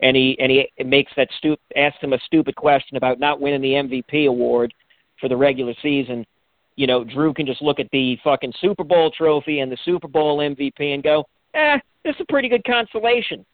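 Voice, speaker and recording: A man's voice: mid-range voice, little pitch movement, brisk, no echo. A man co-hosting a sports radio show, rambling and restarting his sentences, swearing casually. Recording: tinny phone-like sound.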